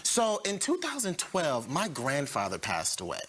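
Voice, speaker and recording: Animated male talk show host. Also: normal speed, a little hiss or hum. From South Carolina. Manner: animated, laughing, high squeals of excitement. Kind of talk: emotional storytelling.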